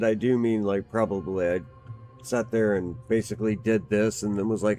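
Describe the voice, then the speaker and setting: A man's voice: fairly low pitch, steady tone, moderate pace, mellow, faint music behind. A man giving casual gameplay commentary as a game reviewer. He is slightly out of breath, swears now and then and reads game text aloud. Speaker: game reviewer playing on stream.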